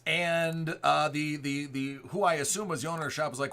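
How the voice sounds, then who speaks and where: This man, a card break host in his 40s, hails from around Buffalo. His higher voice is brisk, bright, forceful, and clean, with fairly even intonation, as he spins a casual story full of rambling restarts and acted-out quotes.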